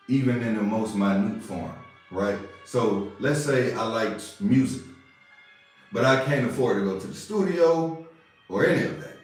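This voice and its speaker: A man's voice: fairly low pitch, darkish tone. A man hosting a podcast, giving a casual motivational monologue, repeating himself and asking if listeners see what he means. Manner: casual, preachy, repeats phrases, asks "you see what I'm saying". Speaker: podcast host. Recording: roomy echo with faint music.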